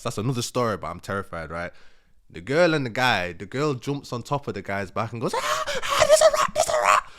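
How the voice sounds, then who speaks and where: A man's voice: fairly low pitch, a bit bright. A young man casually telling a funny story, laughing often and acting out his own thoughts.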